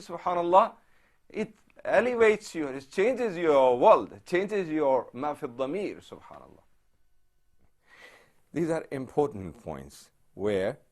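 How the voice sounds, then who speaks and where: A man giving an earnest, devout talk as a Quran recitation teacher, halting with restarts and swelling into emotional emphasis. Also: medium pitch. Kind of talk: devotional talk.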